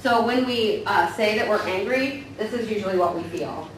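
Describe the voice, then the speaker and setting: A woman counselor teaching a staff training in a relaxed, conversational way, often tagging her points with "right?". Her voice sits at an ordinary pitch for a woman. It is picked up from a distance in a large, very echoey room, with faint noise underneath. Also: normal speed. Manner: casual, tags points with "right?".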